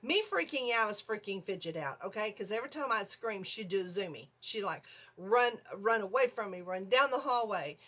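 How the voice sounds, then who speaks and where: An older woman vlogger telling a story in a casual, animated way from her home video room, often checking in with "okay?". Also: medium pitch, normal speed.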